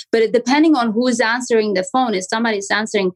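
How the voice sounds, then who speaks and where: A woman with a fairly high voice speaks as a podcast guest, explaining sales calls in a casual, animated way. She slips into little acted-out phone greetings to make her point. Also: fairly quick, few pauses, rough recording. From Canada. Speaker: podcast guest, real estate agent. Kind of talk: casual interview talk.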